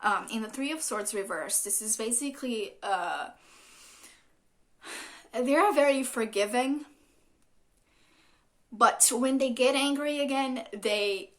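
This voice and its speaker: A woman's voice: a little high, slow, pauses often, fairly bright tone. A woman giving a casual tarot reading, rambling with lots of fillers and some swearing. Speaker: tarot reader.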